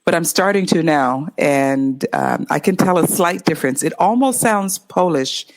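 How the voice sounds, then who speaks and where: A woman with a Californian accent answers interview questions about her work as an English tutor. Her voice sits slightly low for a woman, and she speaks in an expressive, upbeat way. She enunciates each word cleanly. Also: moderate pace. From Los Angeles, USA.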